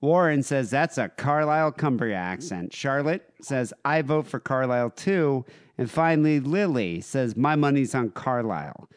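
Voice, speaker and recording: Brief: American male host, jokey and profane, animated pitch. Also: normal speed, clean tone. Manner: joking, sweary, laughs often. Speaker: podcast host. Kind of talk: casual chat, reading listener guesses.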